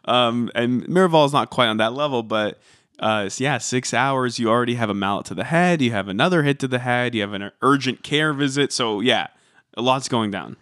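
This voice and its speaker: A man co-hosting a podcast, chatting casually in a measured way and steering the topics. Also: medium pitch, a bit bright, smooth, no echo, clean studio sound. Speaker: podcast co-host. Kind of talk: casual reality-TV recap chat.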